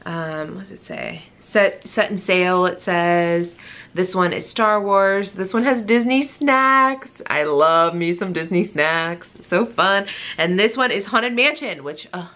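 Bright, gushing young woman vlogger. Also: fairly low pitch. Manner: chatty and gushing, with frequent fillers. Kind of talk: casual show-and-tell vlog.

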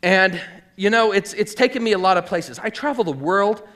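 Middle-aged man, casual storyteller on stage, slightly high voice, lots of ums and likes. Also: moderate pace, fairly bright tone. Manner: chatty, filler-heavy, voices quoted people. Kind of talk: live personal storytelling. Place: theater stage.

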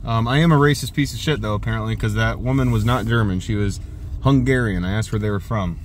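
A young man on the low side of the pitch range chats fast in a rambling vlog, with a faint hiss or hum underneath. He curses freely and teases himself while talking outdoors and in his car.

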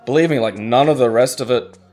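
A man's voice: medium pitch, fairly quick, darkish tone. Rambling man narrating his gameplay. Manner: rambling, full of "like" fillers. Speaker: co-host playing the game. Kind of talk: casual chat over gameplay.

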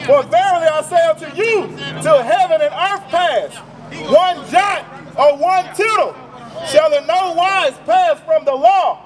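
A man reads scripture aloud on a street corner, slow and deliberate in his delivery. His voice is strained very high as he projects each word. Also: some chatter behind. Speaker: scripture reader. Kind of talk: reading Bible verses aloud. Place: outdoors on a city street.

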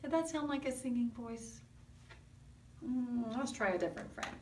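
A woman with a slightly high, expressive voice and a darkish tone speaks at a moderate pace, with a little hiss or hum in the background. She teaches an online kindergarten music lesson with puppets, coaxing the children with sing-song questions. A distant mic gives the sound a roomy quality.

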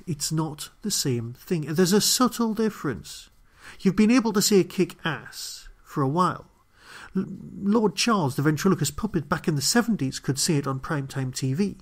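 A man's voice: fairly high pitch, animated, normal speed. A man hosting a podcast, giving a chatty, rambling solo review with wry asides. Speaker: podcast host reviewing an episode.

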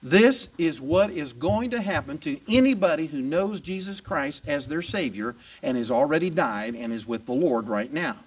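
A male pastor preaching a sermon in an animated, emphatic way, questioning and answering his congregation. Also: on the high side, moderate pace, few pauses, breathy edge. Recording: voice distant from the mic.

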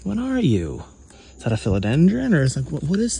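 A man's voice: a little high, fairly quick, vocal fry, slight background noise. Chatty man vlogging in the rainforest. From United States. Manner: chatty, excitable, addresses viewers as guys. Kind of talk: casual vlog walk-and-talk. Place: rainforest trail outdoors at dusk.

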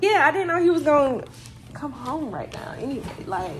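A woman's voice: high-pitched, a little fast. A young woman and new mother chatting casually to her viewers in a slangy vlog, talking into a handheld phone at home. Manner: chatty, slangy, lively, addresses viewers as y'all. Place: at home, indoors. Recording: noisy home phone recording.

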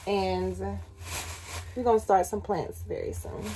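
A woman's voice: medium pitch, steady tone, unhurried, warm tone, a little hiss or hum. A young woman vlogging casually in a small RV kitchen, chatty and playful, talking straight to her viewers. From United States. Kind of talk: casual chatty vlog talk. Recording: music playing under the voice. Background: background music.

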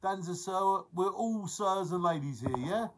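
A man's voice: sits high, animated, measured pace, background noise. A man, chatting casually and jokily on his live stream and greeting viewers by name. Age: 40s. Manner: chatty, jokey, reads out viewer names.

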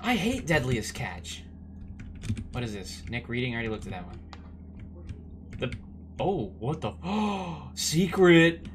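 A man streaming a game with casual, sarcastic commentary that breaks into loud bursts of excitement. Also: medium pitch, a little slow, pauses often, noisy background.

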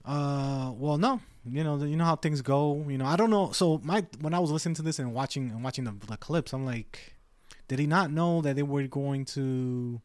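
A man's voice: a little high, moderate pace, darkish tone, dry recording. A man co-hosting a casual podcast, easygoing and agreeable, who hedges his thoughts with "you know" and "I guess". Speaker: podcast co-host.

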